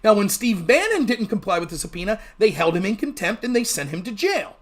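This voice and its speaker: Sarcastic, combative political show host. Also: male voice, high-pitched, very animated, fairly quick. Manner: sarcastic and combative, switching into mocking voices. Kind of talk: ranting political commentary.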